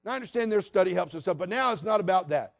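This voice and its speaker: A man preaching a sermon as pastor, passionate, moving between loud appeals and hushed, quiet passages. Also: high voice, lively intonation, racing, creaky, no room sound, clean studio sound.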